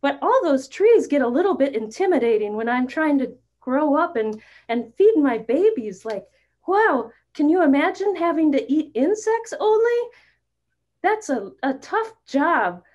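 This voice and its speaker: A woman's voice: sing-song, unhurried, darkish tone, highs cut off. A woman voicing a cheerful female songbird in an educational role-play, with a folksy, bubbly manner. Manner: folksy, bubbly, high put-on voice.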